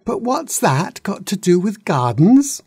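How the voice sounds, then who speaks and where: A man's voice: high-pitched, sing-song, a little slow, a little mellow, slightly rough, dry recording, clean studio sound, voice pushed up, full character voice. A man voicing an eager, questioning baby dragon in a storybook reading. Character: small excitable baby dragon.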